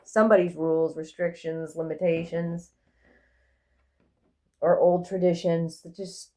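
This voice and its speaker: A woman giving a casual, rambling tarot reading in a gentle, affirming way. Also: lowish voice, steady tone, unhurried. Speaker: tarot reader.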